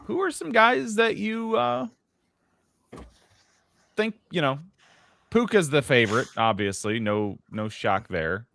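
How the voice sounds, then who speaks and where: Lively man with a swinging voice. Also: a little high, slow, vocal fry, long pauses, no room sound. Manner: lively, curious questions. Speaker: podcast co-host. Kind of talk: casual sports chat.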